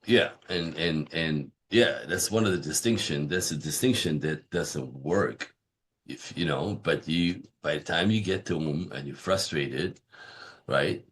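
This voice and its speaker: A man's voice: extremely low pitch, measured pace. A man on a podcast as a relationship coach, talking emphatically and often checking in with "right?". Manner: emphatic, animated, keeps saying "right?"; acts out quoted voices of clients. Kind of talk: podcast interview.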